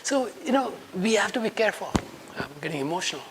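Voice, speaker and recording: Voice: mid-range voice, sing-song, quick pace, noisy background. A speaker in their fifties from India with an Indian English accent, giving a personal conference talk and acting out quoted dialogue in a raised voice between reflective stretches.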